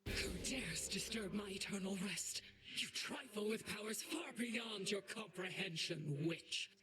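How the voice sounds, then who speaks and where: A woman's voice: medium pitch, measured pace, very noisy, lightly acted. A woman voicing a female shade who puts on a theatrical, menacing ghost voice in a video game.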